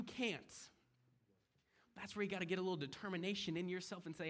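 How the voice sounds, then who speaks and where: A young man preaching a sermon, animated and conversational, swinging between loud emphasis and hushed asides as he acts out the voices in the story. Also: high voice, normal speed, pauses often.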